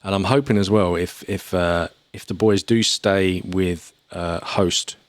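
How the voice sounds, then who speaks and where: A man's voice: low-pitched, fairly even intonation, a little slow, dry recording, clean studio sound. A young man commentating an esports match in a laid-back, hesitant way with many fillers. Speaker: esports caster. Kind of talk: casual commentary chat.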